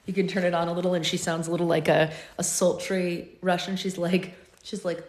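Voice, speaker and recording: A woman with a hoarse, gravelly voice hosting a book club livestream, reading aloud and chatting in a playful, rambling way. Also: on the low side, flat delivery, brisk, darkish tone. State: hoarse, losing her voice. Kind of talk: reading aloud and casual chat. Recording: roomy echo.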